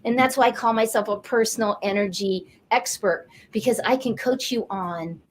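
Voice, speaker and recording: Talk show guest, woman, late 50s, higher voice, animated and heartfelt storyteller. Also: normal speed, slight background noise. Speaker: guest, energy coach. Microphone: studio or video call mic.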